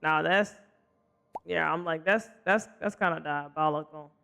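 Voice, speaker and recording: A game streamer casually chatting with live viewers while playing, expressive and apologetic, swinging between loud exclamations and soft mutters. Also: mid-range voice, a little slow, vocal fry, smooth. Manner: chatty and sympathetic, reacting to chat with frequent apologies.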